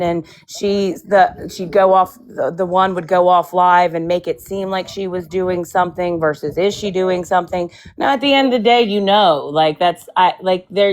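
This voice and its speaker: A woman with a lowish voice gives a blunt opinion to friends in a casual chat. She swears freely and keeps adding quick apologies. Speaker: live stream participant.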